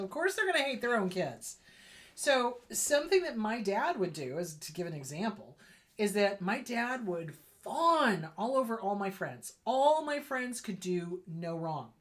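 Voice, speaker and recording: Female therapist-host, unscripted solo talk, blunt and emphatic with heavy repetition. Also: medium pitch. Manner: blunt, emphatic, repeats points for stress. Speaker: therapist hosting a psychology channel.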